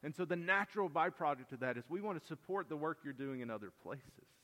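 A man preaching an earnest expository sermon as pastor, moving between emphatic and hushed delivery. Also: on the high side, lively intonation, fairly quick. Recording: long reverb of a large church hall.

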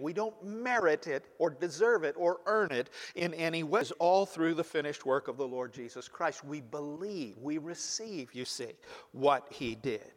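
Emphatic preacher in an echoing hall. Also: male voice, fairly high pitch. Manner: emphatic, repeats key words, "you see". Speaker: pastor. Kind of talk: expository sermon. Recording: long hall reverb.

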